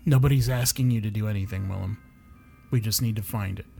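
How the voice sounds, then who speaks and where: A man's voice: on the low side, fast, vocal fry, warm tone, soft background music. A man playing a tabletop role-playing game, earnestly telling a story in character. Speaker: player.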